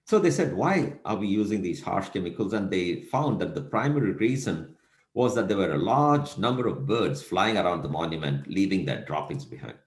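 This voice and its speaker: A man's voice: low-pitched, animated, normal speed. A man giving a recorded lecture, telling a story and asking the audience rhetorical questions. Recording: echoey room.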